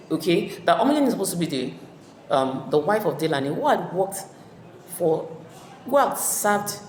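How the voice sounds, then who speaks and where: A woman's voice: low voice, darkish tone, a little hiss or hum. A woman tutor giving a hesitant plot summary, full of fillers and checks that her listeners follow. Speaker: literature tutor. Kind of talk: exam-prep plot summary. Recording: echoey room with long reverb.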